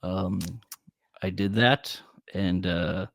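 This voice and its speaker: Wry, lower-voiced podcast co-host. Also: male voice, steady tone, very slow, vocal fry, a bit bright, no echo, studio quality. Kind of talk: casual podcast chat.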